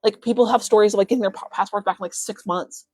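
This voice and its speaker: Speaking at a medium pitch with no echo, this young woman coaches on a phone live stream. She rambles in a casual way, filling gaps with lots of fillers and quick flashes of enthusiasm.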